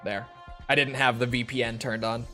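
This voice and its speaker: A man's voice: mid-range voice, normal speed, faint music behind. A young man chatting casually to his live chat while playing a game, rambling with lots of "like" fillers and the odd swear word. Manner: relaxed, rambling, frequent "like" fillers, occasional swearing. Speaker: gaming streamer.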